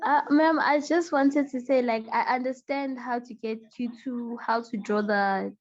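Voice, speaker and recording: A woman's voice: a little high, measured pace, lo-fi sound. A teenage girl, a student on a video call, asking her teacher politely and a little hesitantly. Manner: polite, hesitant, says "ma'am".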